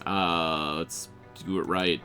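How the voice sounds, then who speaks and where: A man's voice: low-pitched, steady tone, slow, sharp tone, soft background music. A man casually playing through a game, reading its text aloud and chatting, often tripping over words. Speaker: game player.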